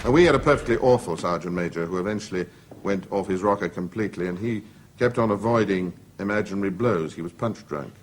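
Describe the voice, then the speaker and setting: A man's voice: low-pitched, quick pace, some chatter behind. Man, middle-aged, talk show guest, witty storyteller, studio hiss in the background. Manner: witty raconteur with comic timing. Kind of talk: anecdotal storytelling. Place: television studio with audience.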